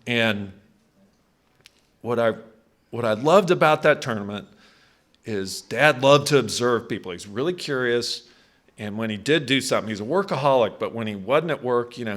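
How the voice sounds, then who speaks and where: A hall of fame inductee in his sixties tells personal stories in an easygoing acceptance speech at a country club event. His fairly low voice is conversational and full of fillers, and he often restarts phrases or lets them trail off.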